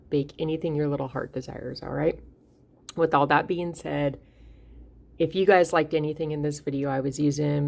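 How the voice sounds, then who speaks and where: A woman's voice: low-pitched, vocal fry, a little mellow. A woman hosting a home baking vlog, chatting casually and encouragingly to her viewers. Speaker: baking channel host. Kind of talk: casual cooking vlog talk.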